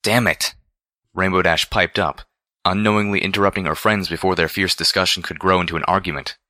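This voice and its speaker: A man reading a first-person story aloud in a measured, deliberate way. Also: deep voice, steady tone, pushed and bright, no echo, clean studio sound. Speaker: audiobook reader.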